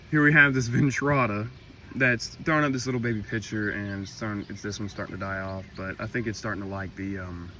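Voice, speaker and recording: A man's voice: medium pitch, a bit bright. Young guy chatting thru his garden tour, voice keeps cracking, lots of ums, little outdoor noise behind. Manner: rambling, chatty, many ums and likes. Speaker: carnivorous plant grower giving a tour. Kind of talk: casual walkthrough vlog.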